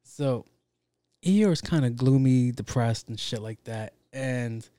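Speaking slowly in a dry recording, a young man with a mid-range voice recounts something that happened at work. His telling is laid-back, full of swearing and slang, with lively acted-out quotes of what others said.

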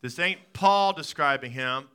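A man in his thirties preaching a sermon as a pastor, telling stories with lively swings from loud excitement to quiet, soft talk. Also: a little high, a little slow, clear, resonant tone. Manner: animated storytelling, rising to loud excited peaks then dropping soft.

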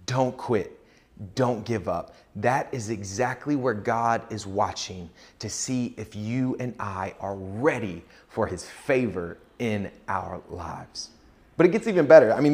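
A man preaching a sermon in a conversational way, dropping low and slow to stress key points. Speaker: pastor.

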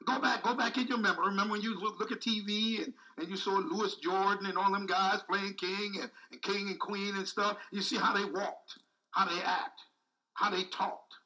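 A man's voice: sits high, fairly even intonation, normal speed, sharp tone, distant mic, highs cut off. A man preaching a sermon with speech, repeating phrases and calling out to the congregation. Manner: call-and-response preaching, repetitive, emphatic.

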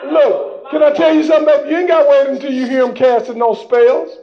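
High-voiced man preaching fervently. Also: level tone, brisk. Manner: fervent, colloquial preaching with rhetorical questions. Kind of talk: sermon. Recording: dull lo-fi recording.

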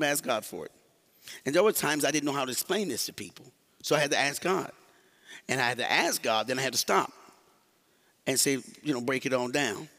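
A man's voice: mid-range voice, a bit bright. A male pastor teaching a sermon in a church, talking conversationally to the congregation and often repeating and restarting words. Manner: speaks directly to the congregation.

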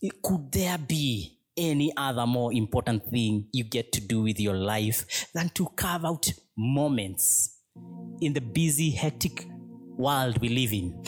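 A man preaching a reflective sermon as a pastor, speaking gently and unhurriedly in short, broken phrases that lead into prayer. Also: medium pitch, expressive, unhurried, music in the background.

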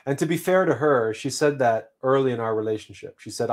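A man hosting a livestream, telling a personal story in an unhurried, reflective way with frequent restarts. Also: medium pitch. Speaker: livestream host.

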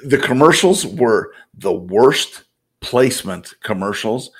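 A man's voice: mid-range voice, animated, slow, husky. A man co-hosting a podcast, chatting casually with lots of fillers, restarts and chuckles. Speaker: podcast co-host. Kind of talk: casual chat.

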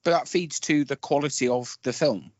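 A man on a casual film podcast who rambles, restarts his sentences and pushes his opinions with animation. His voice sits in a middle pitch. The recording is dull and dry. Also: moderate pace, dry recording. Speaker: podcast co-host.

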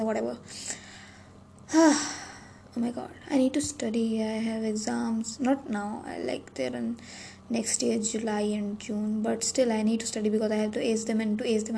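A woman's voice: on the high side, warm tone, low-quality recording. A young adult woman hosting a solo podcast, rambling and self-deprecating with many restarts. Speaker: podcast host. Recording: faint background noise.

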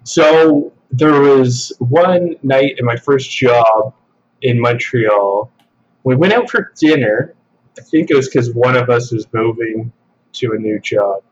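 A man spins a long story in an easygoing, loose way, cursing as he goes. His voice sits at an ordinary pitch, and the recording sounds a little dull and muffled. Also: slow pace, a little hiss or hum. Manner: relaxed, swears freely, laughs while telling. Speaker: podcast guest. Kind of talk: casual storytelling.

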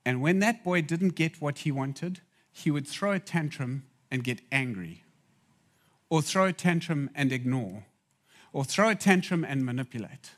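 A man's voice: on the high side, lively intonation, a little slow. A man preaching a sermon in a conversational way, making asides to the audience.

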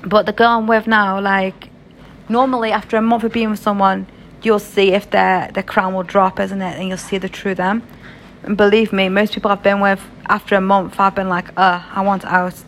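Gravelly young British woman chatting. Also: medium pitch, level tone, moderate pace, a little hiss or hum. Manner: frank, swears freely, chatty slang. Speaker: vlogger. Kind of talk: casual storytelling chat.

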